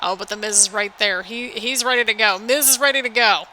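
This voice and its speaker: A woman giving excited, anxious play-by-play commentary over a wrestling video game, exclaiming often and talking to viewers as "people". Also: a little high, brisk, slight background noise, poor audio. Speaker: gaming video host.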